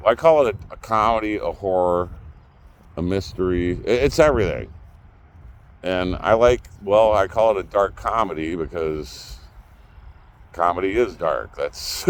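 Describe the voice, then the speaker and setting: A middle-aged man with a Minnesota accent, talking in a blunt, profane, rambling monologue. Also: deep voice. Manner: profane, blunt, rambling, swings between grumbling and laughing. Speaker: vlogger.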